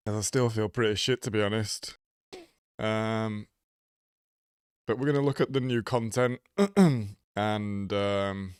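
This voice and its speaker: A man's voice: mid-range voice, clean tone, no echo, clean studio sound. A man hosting a casual live stream, nasal and congested from a cold, greeting viewers by name.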